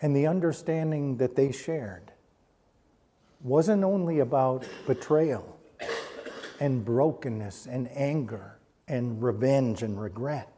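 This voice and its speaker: A middle-aged man preaching a storytelling sermon in a church sanctuary, dropping to a hushed voice at solemn moments. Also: medium pitch, takes it slowly. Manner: hushes to a near-quiet voice at solemn points. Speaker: pastor.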